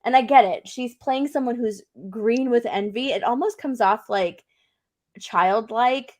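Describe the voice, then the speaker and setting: Giggly, excitable higher-voiced woman. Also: unhurried. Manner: enthusiastic, giggly, stumbling restarts. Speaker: podcast co-host. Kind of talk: casual chat.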